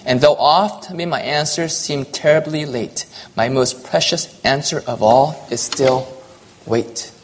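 A preacher giving a sermon, reading a poem aloud in an earnest, slow way with soft pauses. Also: medium pitch.

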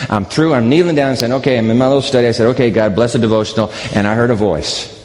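A man's voice: medium pitch, racing, darkish tone. A man preaching, telling a story in a candid, rambling way that restarts often. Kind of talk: sermon storytelling. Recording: long reverb in a large hall.

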